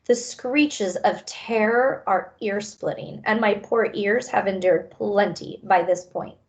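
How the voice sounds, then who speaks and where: A woman reading a children's novel aloud, raising her pitch and energy for the characters' lines. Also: takes it slowly. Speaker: reader. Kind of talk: audiobook-style read-aloud.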